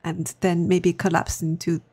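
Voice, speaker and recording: A woman at a tabletop game chats about her character's plans and laughs often. Her voice sits fairly low for a woman. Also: level tone, measured pace, dark tone, husky. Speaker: player. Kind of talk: tabletop role-play.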